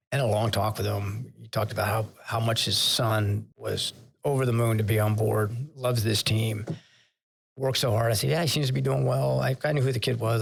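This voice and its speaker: Gravelly retired admiral telling stories. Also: male voice, on the low side. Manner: candid, anecdotal, emotional when recalling sailors. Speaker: retired vice admiral, podcast guest. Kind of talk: conversational interview storytelling.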